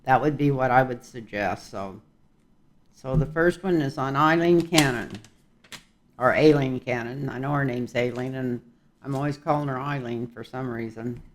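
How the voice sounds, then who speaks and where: A man's voice: medium pitch, normal speed, a little hiss or hum. An older man giving a casual tarot reading, talking in a rambling, folksy way with chuckling asides. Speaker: tarot reader.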